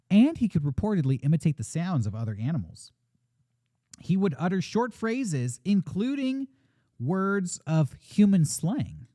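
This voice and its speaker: A man hosts a casual podcast, telling a story in a relaxed, joking style full of fillers. His pitch swings widely as he talks, and his tone is mellow and warm. The sound is dry and close, with no room echo. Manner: chatty and jokey, with many fillers. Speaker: podcast host.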